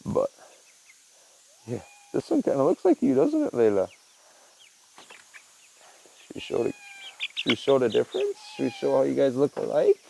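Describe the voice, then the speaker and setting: A man's voice: medium pitch, wildly swooping pitch, moderate pace, vocal fry, long pauses, mellow, slight background noise. A young man vlogging casually outdoors in a rural backyard, talking into a handheld phone camera in a laid-back, rambling way full of fillers. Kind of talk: casual outdoor vlog talk.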